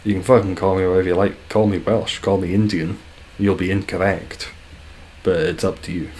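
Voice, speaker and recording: A young Scottish man with a low voice chats casually through a game stream. He jokes in a dry, teasing way and swears often. Faint noise sits behind him. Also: fairly even intonation, fairly quick, darkish tone. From Scotland.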